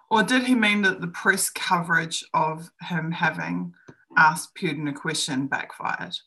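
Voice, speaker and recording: Nz woman on a live stream, kinda low voice but bright and punchy, argues hard and does little voices of other people. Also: vocal fry. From New Zealand. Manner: emphatic and opinionated, acting out other people's lines. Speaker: co-host.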